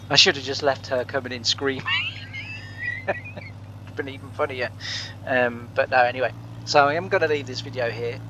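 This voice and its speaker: A man's voice: medium pitch, wildly swooping pitch, unhurried, pauses often, noisy background. A man hosting a farming game let's play from his living room, chatting casually with lots of fillers and chuckles. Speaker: gaming channel host.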